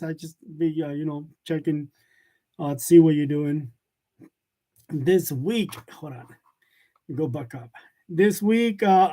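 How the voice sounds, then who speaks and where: A man's voice: sits high, a little mellow. A man hosting a casual live chat from his workshop, reading comments aloud, joking and laughing often. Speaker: live-stream host of a print shop channel. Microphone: wireless lavalier.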